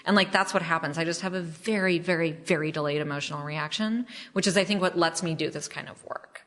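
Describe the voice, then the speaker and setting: A woman's voice: sits low, brisk, fairly bright tone. A woman author being interviewed on a podcast, talking in a chatty, self-deprecating way with lots of fillers. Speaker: memoir author, podcast guest. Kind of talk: casual interview chat.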